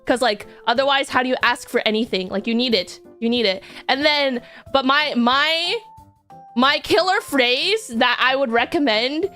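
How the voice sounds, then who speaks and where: A woman's voice: sits high, moderate pace, bright, forceful tone. A young woman streaming, chatting casually in a rambling, giggly, self-deprecating way. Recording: faint music behind.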